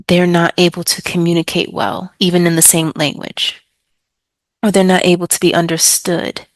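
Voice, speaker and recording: A woman ESL tutor explaining a trial lesson step by step, slowly over-enunciating example words to model pronunciation. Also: on the low side, no room sound. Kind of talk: teaching tips, modeling pronunciation.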